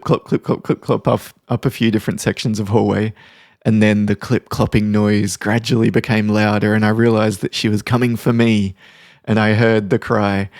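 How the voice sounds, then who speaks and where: A man's voice: fairly low pitch, vocal fry, a little mellow, no room sound, studio quality. A man hosting a podcast as a mediator, telling a workplace story casually and wryly, with frequent asides. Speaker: podcast host and professional mediator. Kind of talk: reflective storytelling monologue.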